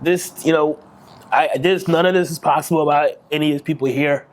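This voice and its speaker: A bodybuilding champion in his thirties, with a slightly high voice and a steady tone, talks briskly through a frank, emotional post-win interview. He swears a lot and frequently begins his sentences again.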